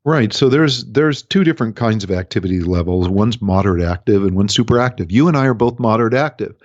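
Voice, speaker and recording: A man's voice: lowish voice, animated, fast talker, no echo. A man, a relationship coach, explaining ideas in a casual radio interview, often changing his speed to make a point. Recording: dry, slightly dull radio recording.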